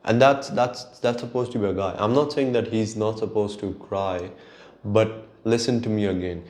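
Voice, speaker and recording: A man's voice: lowish voice, fairly even intonation, normal speed, darkish tone. A man hosting his own solo show, ranting in an exasperated, profane way. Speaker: podcast host. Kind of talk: solo rant.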